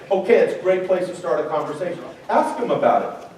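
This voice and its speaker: A man's voice: high-pitched, expressive, fast, a little mellow. A male pastor preaching a sermon in a church hall, talking in a joking, conversational way and acting out quoted voices. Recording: very echoey hall from far off, faint noise.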